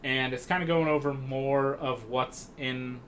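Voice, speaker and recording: A man's voice: mid-range voice, unhurried, a little hiss or hum. A man co-hosting a podcast, casually recapping a film scene by scene in a rambling way with lots of fillers. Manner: rambling, relaxed, many fillers and restarts. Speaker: podcast co-host.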